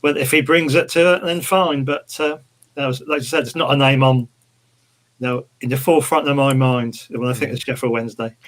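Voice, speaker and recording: A man's voice: medium pitch, steady tone. Hesitant male podcast co-host. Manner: hesitant, halting with restarts. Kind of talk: casual fan podcast chat.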